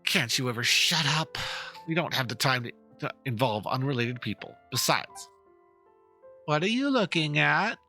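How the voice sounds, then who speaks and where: An actor playing a rough young male hired thug in a video game, talking in a curt, threatening way over game music. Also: mid-range voice, animated, normal speed, pushed and bright. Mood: hostile.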